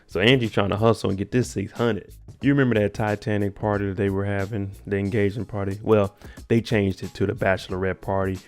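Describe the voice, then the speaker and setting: A man's voice: on the low side, fairly even intonation, fairly quick, soft background music. A man casually recapping a TV episode, with laid-back, joking slang. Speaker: TV recap host.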